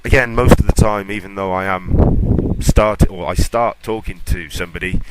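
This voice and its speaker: Rambling man, loud noise behind. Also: low-pitched, steady tone, moderate pace. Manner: ranting, self-mocking, off-topic. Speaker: podcast host. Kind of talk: casual rambling chat.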